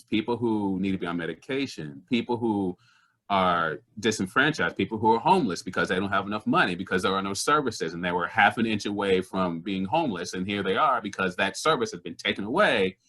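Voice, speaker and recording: A man, a comedian, telling stories in conversation, animated and earnest, slipping into other people's voices. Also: fairly low pitch. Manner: earnest and indignant about social issues. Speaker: comedian guest. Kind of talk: conversational storytelling.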